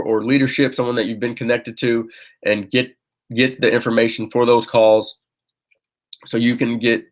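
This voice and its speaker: Upbeat male sales trainer, coaching style, mid-pitched voice, keeps checking in with "okay?". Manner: upbeat and urging; repeats and restarts phrases. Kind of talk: team training talk.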